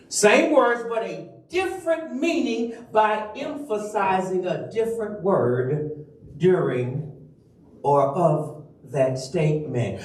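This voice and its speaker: A man delivers a sermon at a slow, deliberate pace, leaning hard on single words and drawing the congregation into call-and-response. His voice sits somewhat high. The sound comes from a distance, ringing through a reverberant church. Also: animated. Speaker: minister. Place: church sanctuary. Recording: echoey church from far off.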